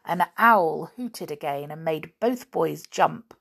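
A woman reading a children's adventure book aloud in a measured storytelling manner. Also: low voice, animated, gravelly, fairly bright tone, husky. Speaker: reader.

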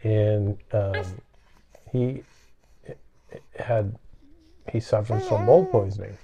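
Middle-aged guy, gravelly low voice, halting casual podcast storytelling, kinda lo-fi sound. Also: steady tone, crowd noise. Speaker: podcast co-host. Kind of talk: casual chat.

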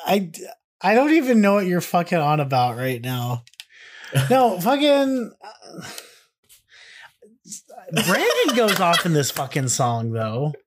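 A man co-hosting a casual music podcast, excitable and swearing freely. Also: high-pitched, takes it slowly, pauses often, a little hiss or hum. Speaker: podcast co-host.

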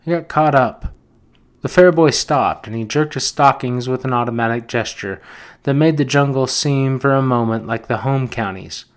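Man reading a novel aloud, measured. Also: mid-range voice. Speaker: podcast host reading a novel. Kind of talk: audiobook narration.

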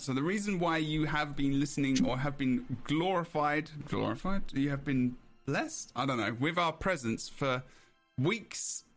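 A man's voice: medium pitch, a bit bright. A man hosting a casual podcast chat, rambling, correcting himself and laughing often. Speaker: podcast host.

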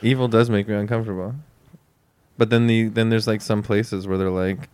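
A man's voice: fairly low pitch, flat delivery, moderate pace, darkish tone, smooth, no room sound. A man casually chatting as a podcast co-host, rambling, swearing and laughing often. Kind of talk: casual comedic chat.

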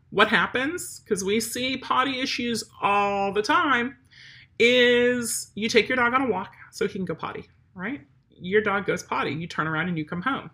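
A woman's voice: medium pitch, bright, forceful tone. A woman dog trainer giving direct, chatty instructions on potty training a dog, talking straight to the viewer. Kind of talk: instructional talk.

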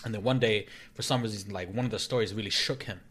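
A man's voice: fairly low pitch, fast talker, fairly bright tone, breathy edge. A man co-hosting a casual podcast, telling a creepy story with laughs and slang. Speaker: podcast co-host. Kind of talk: casual chat.

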